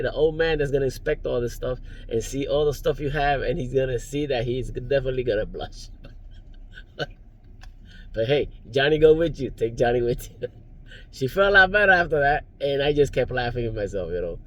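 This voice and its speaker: A man's voice: medium pitch, expressive, a little fast, fairly bright tone. A man giving rambling, preachy life advice in a casual vlog, recorded in his parked car, chuckling now and then. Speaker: vlogger, driver.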